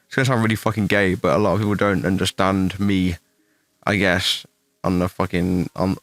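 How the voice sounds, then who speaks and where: A man's voice: sits low, fairly even intonation, normal speed, a bit bright, no echo. Blunt, profane man from the English West Midlands. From England, West Midlands. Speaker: streamer answering chat questions. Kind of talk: casual livestream chat.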